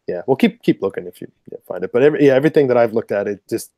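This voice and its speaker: A man hosting a podcast in casual chat, reading out listener comments in a relaxed way with many fillers. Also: mid-range voice, racing, no room sound. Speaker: podcast host.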